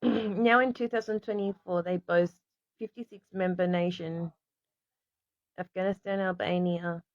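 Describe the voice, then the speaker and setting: A woman's voice: fairly low pitch, fairly even intonation, unhurried, no room sound. An Australian woman hosting a casual stream, reading aloud to viewers and often stopping to apologize and restart. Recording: dry, slightly dull lo-fi sound.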